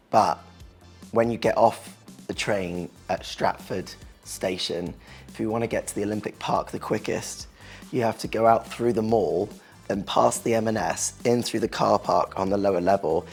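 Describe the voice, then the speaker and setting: A man's voice: lowish voice, slightly rough. An English man in his thirties, talking casually in a chatty, rambling way with light laughs. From England. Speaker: interviewee. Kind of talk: casual chat.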